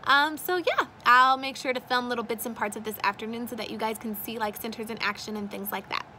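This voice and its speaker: A woman's voice: fairly high pitch, brisk, slight background noise. A young woman, a kindergarten teacher, chatting casually and expressively to her vlog audience. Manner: chatty and expressive, dramatic retelling. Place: out and about with handheld camera.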